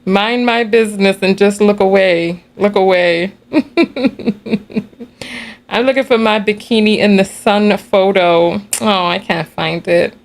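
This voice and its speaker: A woman hosting a casual livestream, telling a story in an animated, chatty way and laughing between remarks. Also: medium pitch, measured pace. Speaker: livestream host.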